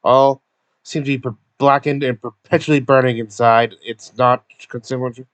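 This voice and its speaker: A man's voice: mid-range voice, fairly even intonation, moderate pace, a bit bright, no room sound. A man casually recapping a tabletop game session, stumbling over words with many fillers and restarts. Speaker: recap narrator.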